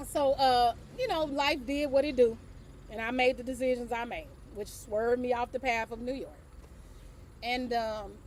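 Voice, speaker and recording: A woman's voice: on the high side, a little hiss or hum. A middle-aged woman hosting her own show, telling a casual story, laughing often and swearing offhandedly. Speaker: host.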